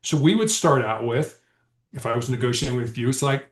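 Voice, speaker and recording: A man's voice: medium pitch, fairly quick. A man guest on a podcast, telling stories in a conversational way and acting out quoted dialogue with animation. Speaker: podcast guest, former hostage negotiator. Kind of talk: conversational storytelling. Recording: echoey room.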